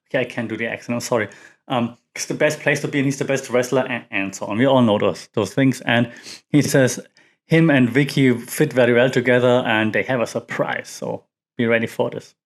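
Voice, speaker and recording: A man hosts a casual wrestling recap podcast in a mid-range voice. He talks in a loose, chatty ramble, full of fillers and quick restarts. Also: mid-range voice. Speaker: podcast host.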